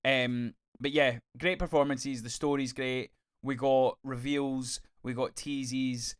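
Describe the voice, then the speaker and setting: A man co-hosting a podcast, chatting in a gushing, sweary, animated way. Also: mid-range voice, takes it slowly, smooth. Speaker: podcast co-host. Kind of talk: casual review chat.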